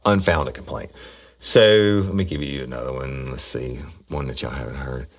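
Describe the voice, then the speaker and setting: A man's voice: very deep voice, normal speed. A middle-aged man, a former police officer, telling rambling, profane stories in a casual podcast. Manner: profane, rambling storyteller who acts out quotes loudly. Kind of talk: casual true-crime storytelling.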